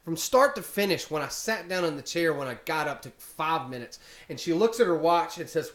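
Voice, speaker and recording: A man's voice: a little high, expressive, normal speed, hardly any pauses, fairly bright tone. A young man telling a story to camera in a rambling, casual way, full of fillers. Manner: rambling, filler-heavy retelling of a complaint. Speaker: vlogger. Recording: echoey room.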